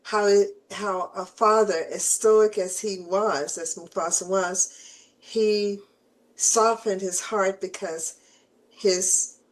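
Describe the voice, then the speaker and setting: A woman hosting an interview and working as a therapist, measured and affirming. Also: medium pitch, fairly even intonation, rough recording. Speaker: host, therapist.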